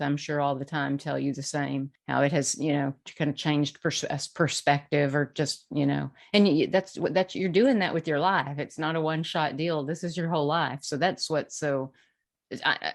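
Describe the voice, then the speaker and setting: A woman's voice: sits low, steady tone, normal speed, gravelly. A woman co-hosting a podcast, affirming and appreciative, often restarting her sentences. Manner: warm, affirming, stumbling restarts. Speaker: podcast co-host. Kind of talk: casual interview chat.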